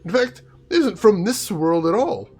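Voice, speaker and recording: A man's voice: high voice, big pitch swings, moderate pace, darkish tone, slightly rough, pitched above the performer's own voice, heavily acted. A man doing an arch painted elf.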